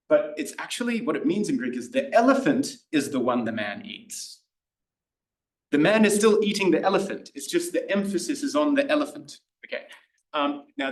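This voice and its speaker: Australian man lecturing in an echoey room. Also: mid-range voice. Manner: chatty, enthusiastic, lots of fillers and restarts. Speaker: Greek tutor. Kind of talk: classroom lecture. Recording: echoey room, voice somewhat far from the mic.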